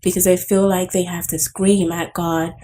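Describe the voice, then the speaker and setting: Female therapist guest, lower voice, emphatic and preachy, casual chat. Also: level tone, normal speed, mellow. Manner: emphatic, preachy, many "you know"s. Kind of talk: casual conversation.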